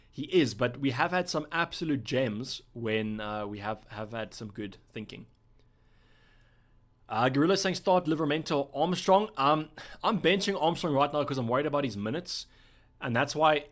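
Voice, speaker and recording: A young man from South Africa hosts a casual live stream at a mid pitch. He answers viewer questions in a relaxed, thinking-aloud way. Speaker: livestream host.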